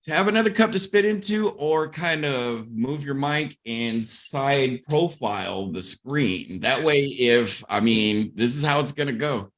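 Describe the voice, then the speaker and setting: A man's voice: medium pitch, expressive, unhurried, hardly any pauses, fairly bright tone. A man hosting a casual live stream, teasing his guest with goofy pickup lines. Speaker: host.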